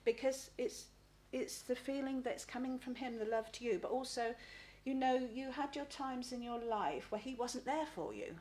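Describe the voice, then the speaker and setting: A middle-aged woman giving a live spirit reading as a psychic medium. She talks haltingly, repeats words and often asks "please?". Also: high-pitched, darkish tone.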